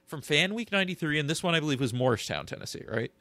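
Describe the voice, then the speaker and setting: Bright-voiced man, thoughtful podcast co-host. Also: fairly high pitch, sing-song, no echo. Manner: thoughtful, halting with fillers as he recalls details. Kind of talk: casual podcast chat.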